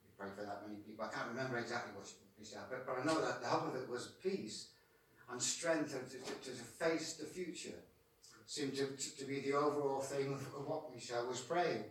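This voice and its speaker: A man's voice: mid-range voice, fairly quick, a little hiss or hum. Man testifying from the pulpit, stumbles over repeated words, heard far off in a big echoey room. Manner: repeats words often while telling a story. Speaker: Christian street evangelist. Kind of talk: testimony storytelling.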